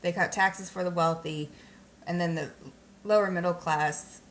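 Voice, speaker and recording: A woman's voice: on the low side, fairly even intonation, unhurried, a bit bright, slight background noise. A woman who just woke up, chatting casually on a livestream and ranting about news while greeting viewers. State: just woken up, sleepy. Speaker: livestream host.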